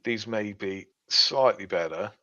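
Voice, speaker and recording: A man's voice: fairly low pitch, unhurried, pushed and bright. A man co-hosting a podcast, explaining things step by step with plenty of fillers in a casual chat. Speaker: podcast co-host. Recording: dull lo-fi sound.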